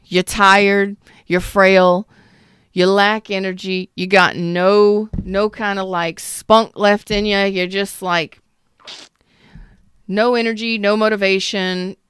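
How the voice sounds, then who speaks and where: A woman giving a casual livestream tarot reading, blunt and animated, swearing freely and speaking straight to her viewers. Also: mid-range voice, takes it slowly, smooth, no echo, studio quality. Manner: blunt, swearing, animated Southern-style slang. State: clearing throat after a cough. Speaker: tarot reader.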